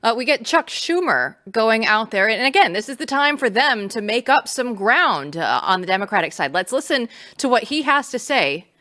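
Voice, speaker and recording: A woman hosting a political news talk show, brisk and sardonic. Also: fairly high pitch, big pitch swings, pushed and bright.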